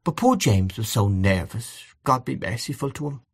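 A woman's voice: extremely low pitch, animated, normal speed, husky, exaggerated voice. A man voicing a grieving elderly housekeeper who rambles in a wistful, confiding way. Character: grieving elderly Irish housekeeper, gossipy and plaintive.

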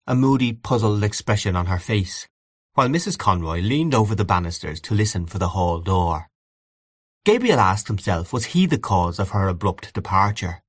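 A man narrating classic fiction as an audiobook, in a measured, expressive reading. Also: lowish voice, slightly rough, no room sound, studio quality.

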